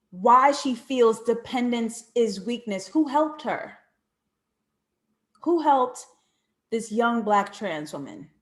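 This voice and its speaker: An American woman reviewing a TV drama, talking in an expressive, reflective way, with playful shrieks and asides. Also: on the high side. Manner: reflective and questioning. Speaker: TV show reviewer. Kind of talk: animated video review commentary.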